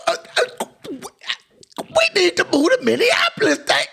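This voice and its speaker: A man reacting to press conference footage in animated commentary, exclaiming and laughing as he talks. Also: very high-pitched, moderate pace, gravelly, very noisy. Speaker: commentary video host.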